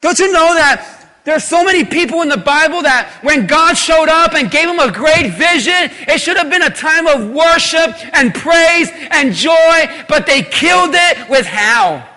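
High, bright-voiced male preacher. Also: expressive, unhurried. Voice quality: emphatic, call-and-response preaching. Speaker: pastor. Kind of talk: sermon. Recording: long reverb of a large hall.

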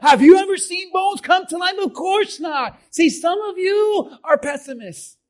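A man preaching a sermon, asking his congregation questions and swinging between shouted passages and quiet ones. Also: very high voice, animated, measured pace, hardly any pauses. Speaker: pastor.

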